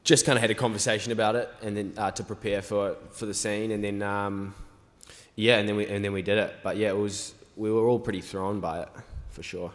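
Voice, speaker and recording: A young man, an actor guest, answering fan questions on a convention panel in a relaxed, rambling way full of fillers. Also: lowish voice, a little fast. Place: large convention hall stage. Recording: reverberant convention hall.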